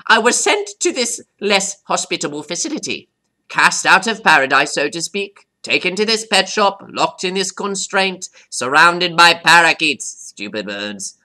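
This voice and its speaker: Man playing a cocky pet parrot, male, boastful vocabulary teacher, squawky sudden jumps, bright tone, very lively pitch. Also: heavily acted. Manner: boastful, breaks off to define words; squawky high jumps on "right?". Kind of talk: scripted vocabulary lesson.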